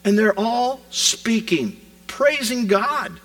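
A man preaching a sermon, retelling scripture as a vivid modern scene, rising loud and dropping to a hush. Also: extremely high pitch, slow pace, low-quality recording. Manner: animated storytelling preacher, swings from loud to hushed. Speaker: pastor.

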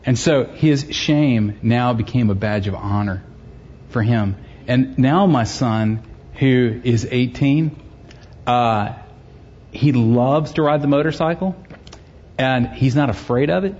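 A man's voice: medium pitch, slow, a little mellow, husky, muffled recording. A middle-aged man, a pastor, preaching a sermon and telling a personal story, conversational and joking with the congregation.

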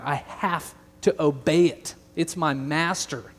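A man's voice: fairly high pitch, slow pace, few pauses, a bit bright. A young man preaching a sermon as pastor, earnest and emphatic, with joking asides to the congregation. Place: large church hall. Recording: long hall reverb.

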